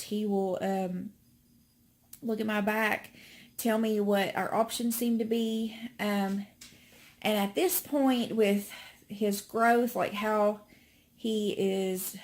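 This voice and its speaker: A woman's voice: mid-range voice, a little mellow. A pregnant woman giving a casual, chatty update to her channel, a little out of breath, with many ums and restarts. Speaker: vlogger.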